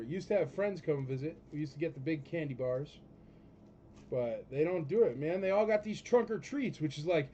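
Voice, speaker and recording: Rambling, chatty auction host. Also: male voice, fairly high pitch, expressive, moderate pace, slight background noise. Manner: rambling, joking, chatty with viewers. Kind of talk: casual live-stream auction chat. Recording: dull lo-fi stream audio with loud music behind. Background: music.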